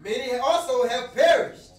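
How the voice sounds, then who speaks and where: A man reading Bible verses aloud slowly, repeating them on cue. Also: very high-pitched. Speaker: scripture reader. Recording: echoey space, far from the mic.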